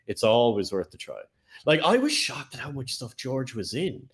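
An Irish man co-hosting a podcast, chatting in an animated, jokey way and laughing often. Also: mid-range voice, moderate pace. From Ireland. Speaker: podcast co-host. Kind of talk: casual podcast chat.

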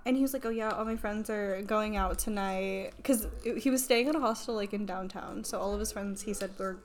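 A woman's voice: mid-range voice, fairly quick. A young woman telling a rambling story in casual chat, giggling and full of fillers.

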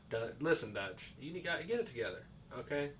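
A man's voice: a little high, sing-song, moderate pace, a bit bright, recorded from a distance, a little hiss or hum. A man from the United States co-hosting a podcast, bantering in a crude, joking way with plenty of swearing. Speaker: podcast co-host. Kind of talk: casual chat.

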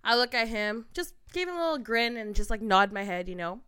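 A woman's voice: fairly high pitch, a little fast, sharp tone, clear, resonant tone. A young woman from Toronto co-hosting a casual podcast, swearing freely and laughing as she tells stories. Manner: swearing, storytelling, breaks into laughter. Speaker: podcast co-host.

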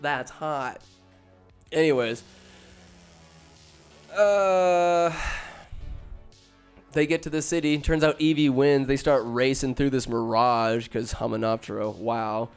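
A man's voice: medium pitch, fairly even intonation, takes it slowly, long pauses, clear, resonant tone, soft background music. A man casually retelling a movie plot, rambling and joking with profane, slangy asides. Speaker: film recapper.

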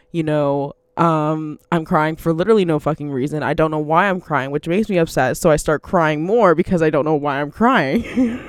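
A woman's voice: low-pitched, clear, resonant tone, no echo. Casual woman, chatty and unfiltered, laughs mid-sentence, dry close mic. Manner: rambling, laughs often, swears freely. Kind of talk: casual monologue.

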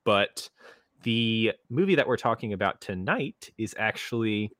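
Low-voiced guy hosting a movie podcast, dry sound, laughs at his own flubs. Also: expressive, a little slow, a bit bright, no echo. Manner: self-deprecating, restarts intro. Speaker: podcast host. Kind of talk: casual podcast chat.

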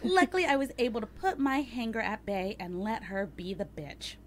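A woman's voice: on the high side, moderate pace, slight background noise. A woman hosting a casual chat, reading a date review aloud and teasing her cohost with crude jokes. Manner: teasing, profane, joking. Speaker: podcast host.

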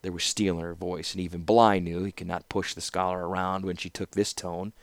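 A man narrating a fantasy novel in measured audiobook style. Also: low-pitched, little pitch movement, gravelly, dry recording. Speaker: fan audiobook reader.

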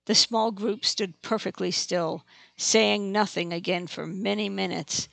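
Audiobook narrator, steady, gravelly, dry close sound. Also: medium pitch, unhurried, no echo.

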